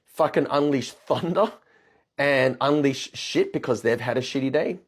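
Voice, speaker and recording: A man's voice: mid-range voice, a little slow. A man who works as a dating coach, telling a blunt, profane story in a storytime rant.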